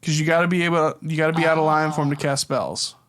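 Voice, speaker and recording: A man's voice: a little high, fairly even intonation, quick pace, fairly bright tone. A young man narrating a tabletop game as dungeon master, casual and laid-back, swearing freely.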